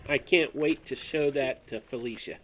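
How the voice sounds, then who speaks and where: A man narrating as game master, calmly explaining rules step by step. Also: medium pitch, moderate pace, a little hiss or hum, poor audio.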